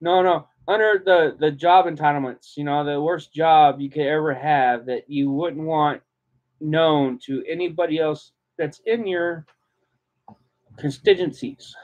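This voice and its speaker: Giggly high-voiced man, lo-fi. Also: steady tone, unhurried. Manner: laughs often, giggly high laughter. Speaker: vlogger reacting. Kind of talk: casual reaction chat. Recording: dull lo-fi sound.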